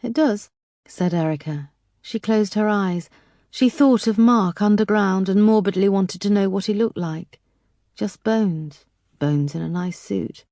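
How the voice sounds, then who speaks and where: A woman narrating a detective thriller audiobook in a measured, dramatic way. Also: mid-range voice, dark tone, dry recording, clean studio sound.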